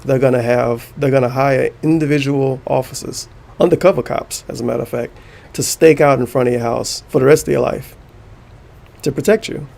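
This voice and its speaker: A man's voice: medium pitch, fairly even intonation, a little fast, gravelly, darkish tone. A man streaming and reading posts aloud, sarcastic and mocking, with frequent swearing.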